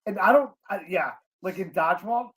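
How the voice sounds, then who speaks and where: A podcast co-host with a middle-pitched voice, talking casually. The delivery is blunt and joking, full of profanity. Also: lively intonation, a little fast, a bit bright. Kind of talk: casual chat.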